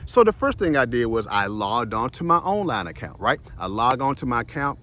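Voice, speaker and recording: A man's voice: medium pitch, a little fast, slight background noise. A young man hosts a short motivational video series. He tells a personal story in a casual way, talks straight to his viewers, laughs often and acts out the other voices. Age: young adult. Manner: animated, chatty, addresses viewers directly as "y'all" and "guys".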